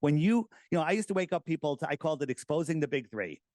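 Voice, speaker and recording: Animated rambling middle-aged man. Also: fairly high pitch, fast, no room sound. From United States. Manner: animated, rambling storyteller with many restarts. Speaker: podcast host, guest. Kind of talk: casual interview talk.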